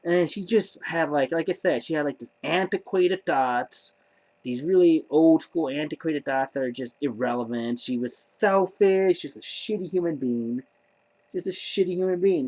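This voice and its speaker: A man's voice: fairly high pitch, darkish tone. A man telling a story to camera in a rambling, stammering way, full of exasperated disbelief. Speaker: vlogger.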